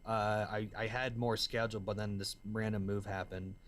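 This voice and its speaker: Speaking at a normal speed in a voice on the low side, a Southern American man tells slangy stories as a guest in an interview. A musician and entrepreneur, he's excitable and peppers his talk with "man" and "dude."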